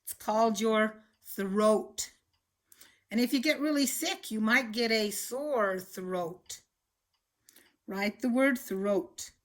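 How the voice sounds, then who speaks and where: A woman teaching a children's phonics lesson, explaining words slowly and patiently with clear enunciation. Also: on the high side.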